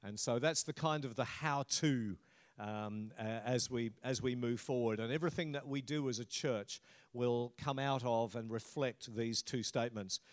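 A man's voice: medium pitch, moderate pace. A middle-aged man pastor giving a sermon in a conversational, humorous preaching manner.

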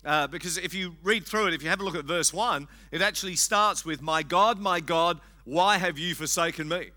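A man preaching a sermon in a conversational, gently humorous way with frequent fillers. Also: on the high side, moderate pace. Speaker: pastor.

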